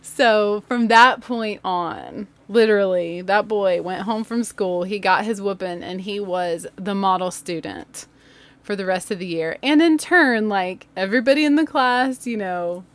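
A woman's voice: mid-range voice, measured pace. A woman podcast host and former teacher telling a funny story from her classroom, laughing often. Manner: animated, laughs often, acts out voices. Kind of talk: storytelling monologue. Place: laundry room home studio.

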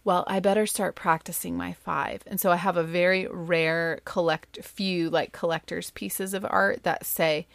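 Chatty mom telling a story. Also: female voice, creaky, no echo. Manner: lively, chatty, full of "like" fillers, jumps much higher for quoted voices. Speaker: mother telling a family story. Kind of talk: casual personal storytelling.

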